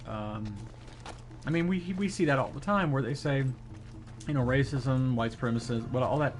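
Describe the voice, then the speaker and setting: A man's voice: medium pitch, moderate pace, soft background music. A man chatting casually with his viewers while gaming, rambling with lots of fillers and restarts. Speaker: live streamer.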